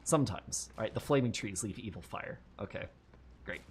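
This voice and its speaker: A man's voice: on the low side, animated, a little fast, gravelly, a little hiss or hum. A man giving casual gameplay commentary, thinking aloud, swearing freely and laughing often. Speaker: gameplay streamer.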